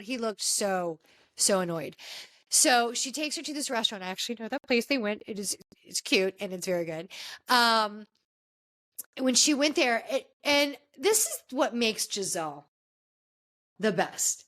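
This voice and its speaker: A woman's voice: a little high, animated, normal speed, fairly bright tone. A woman hosting a podcast, chatting casually and gossipily through a reality show recap with many restarts. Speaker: podcast host.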